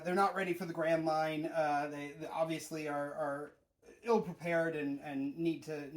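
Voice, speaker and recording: A young man hosting a casual comics review, chatty and laughing often, with lots of stammering restarts. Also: fairly high pitch. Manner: chatty, frequent fillers and restarts, laughs a lot. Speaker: host, mock pastor of a fan channel. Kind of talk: casual manga review monologue.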